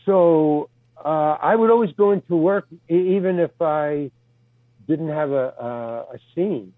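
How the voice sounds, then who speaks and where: An older man appearing as a guest actor spins rambling anecdotes, stammering through restarts and swearing casually. His voice is slightly high and a bit slow. The recording sounds tinny and phone-like, with no echo.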